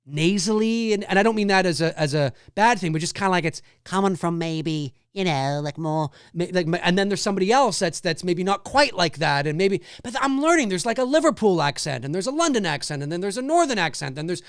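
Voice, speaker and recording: A man's voice: sits high, lively intonation, brisk, few pauses, clear, resonant tone, no room sound, clean studio sound. A man hosting a casual livestream, rambling about a horror film and reading viewer comments aloud. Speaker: livestream host.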